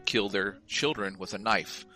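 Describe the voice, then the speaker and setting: A man co-hosting a podcast, telling absurd deadpan jokes in casual chat and reading a mock ad. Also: fairly low pitch, unhurried, faint music behind. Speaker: podcast co-host.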